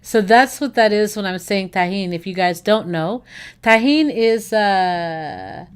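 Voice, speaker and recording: A woman from the United States chats casually on her livestream in a voice of middling pitch. She gushes with enthusiasm and rambles along, with many fillers and quick self-corrections. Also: clear, resonant tone. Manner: chatty and enthusiastic, gushing over food. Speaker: livestream host. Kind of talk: casual chat with viewers.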